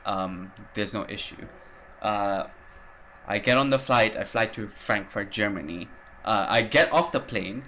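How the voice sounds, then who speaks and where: Low-voiced man telling a story casually. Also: measured pace, pushed and bright. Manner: rambling, profane, with lots of fillers. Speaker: podcast host.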